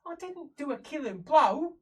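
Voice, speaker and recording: Woman doing a high pitched lady spy, stammery, swears a lot, loud. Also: big pitch swings, normal speed, recorded from a distance. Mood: indignant. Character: foul-mouthed, excitable woman spy in a cell.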